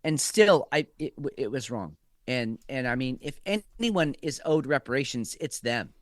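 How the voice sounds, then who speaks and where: A man's voice: medium pitch, lively intonation, moderate pace, no echo, clean studio sound. A man co-hosting a casual political chat, rambling and profane, with frequent restarts. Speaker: podcast co-host.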